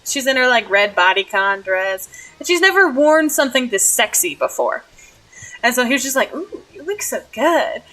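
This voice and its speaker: A woman's voice: fairly high pitch, lively intonation, normal speed, sharp tone, rough recording. A young woman streamer telling a story in a casual vlog, bubbly and giggly, with many "like" fillers. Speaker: streamer recapping a role-play game.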